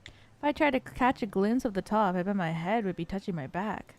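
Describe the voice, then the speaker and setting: A woman's voice: mid-range voice, lively intonation, a little fast, a little mellow, close to an everyday voice. A woman voicing an earnest young male detective who is new in town, reading game dialogue aloud in a thoughtful inner-monologue manner.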